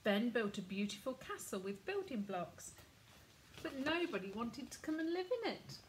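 A woman reading a children's picture book aloud in a gentle, expressive storytelling manner. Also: fairly high pitch, moderate pace, a little hiss or hum, poor audio. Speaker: storybook reader.

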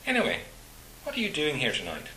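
A man voicing a charming, good-humoured young Scotsman with a Highland accent. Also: wildly swooping pitch, quick pace, bright, forceful tone, roomy sound, slight background noise, heavily acted, rough recording. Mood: friendly. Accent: Highland Scottish. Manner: easy, good-humoured banter.

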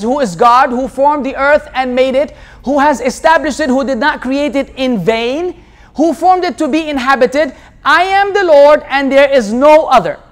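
Animated high-voiced man lecturing. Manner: animated, rhetorical, mimics opponents' voices. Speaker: Islamic lecturer. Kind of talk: religious lecture. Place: lecture hall.

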